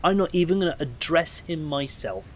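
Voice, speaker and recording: A man's voice: on the high side, animated, normal speed, a bit bright, a little hiss or hum. A man chatting casually while playing a video game, laughing and tripping over names. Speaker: game streamer. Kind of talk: casual let's play commentary.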